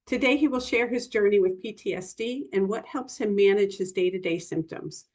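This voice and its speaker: A woman's voice: medium pitch, normal speed, darkish tone. A woman moderating an online session, reading a polite, formal introduction of the speaker over a video call.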